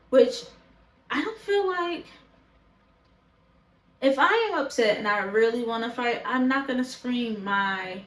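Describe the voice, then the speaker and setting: A woman's voice: on the high side, fairly bright tone, roomy sound, a little hiss or hum, poor audio. A woman reviewing a reality show in casual chat to camera, blunt, profane and opinionated. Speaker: show reaction vlogger. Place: indoors, talking to a camera.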